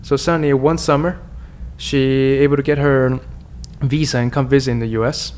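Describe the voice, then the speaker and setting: A man's voice: mid-range voice, fairly even intonation, a little fast, darkish tone, slight background noise. A man from China, a podcast guest telling his life story earnestly and candidly, often restarting his sentences. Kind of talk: personal storytelling in conversation.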